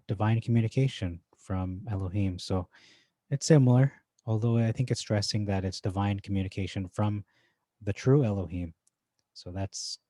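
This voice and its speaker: A man talks through Bible verses in an informal study, comparing wordings as he goes. His voice sits low and mellow, and he often thinks aloud with pauses. The sound is dry and close, with no room echo. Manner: thinking aloud, with frequent "uh" and restarts. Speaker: Bible teacher.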